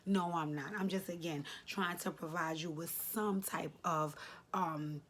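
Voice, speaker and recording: Low husky-voiced woman in her late thirties. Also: fairly even intonation, a little slow. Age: late 30s. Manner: earnest, emotional, repeats key phrases for emphasis; speaks directly to viewers, informal. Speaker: advice vlogger answering a letter. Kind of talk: heartfelt advice talk to camera.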